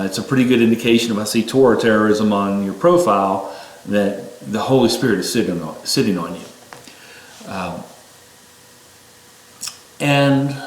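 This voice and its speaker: A man giving an informal, sermon-like talk with a middle-range voice. When he exhorts his listeners, his pitch climbs sharply. The room around him sounds echoey.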